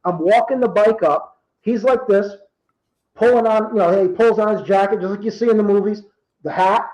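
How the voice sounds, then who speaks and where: A man in his fifties from Rhode Island, telling true stories in casual talk and acting out the quoted dialogue with lively energy. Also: high voice, moderate pace, echoey room, low-quality recording. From Rhode Island, USA. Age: 50s. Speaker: guest. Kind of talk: casual storytelling.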